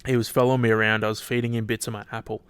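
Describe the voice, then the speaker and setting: A man's voice: fairly low pitch, flat delivery, racing, fairly bright tone, smooth, dry recording. Sweary, rambling Australian man. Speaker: podcast host. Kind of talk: casual solo chat.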